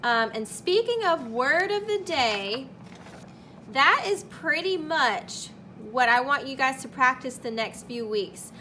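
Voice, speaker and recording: A young woman with a high-pitched, sharp, lively voice teaches a recorded kindergarten lesson, with a little hiss or hum in the background. She sounds out words slowly and deliberately for young children.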